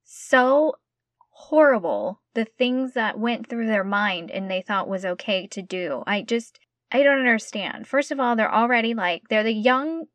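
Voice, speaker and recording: Young female co-host, high-ish voice, emphatic and outraged, dry close recording. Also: lively intonation, a little slow, a bit bright, no room sound. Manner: emphatic, outraged, repeats herself. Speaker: podcast co-host. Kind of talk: casual chat.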